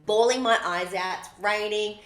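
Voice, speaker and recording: A woman co-hosting a podcast, sharing a personal story. She talks bluntly and with emphasis, throwing in swear words. Her voice sits at an ordinary middle pitch. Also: normal speed, fairly bright tone. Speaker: podcast co-host. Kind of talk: casual chat, personal storytelling.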